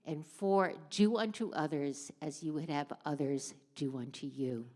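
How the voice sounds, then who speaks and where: Woman doing a live story on stage, lively, lots of hall echo. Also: sits low, measured pace. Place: church hall with audience. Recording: long hall reverb.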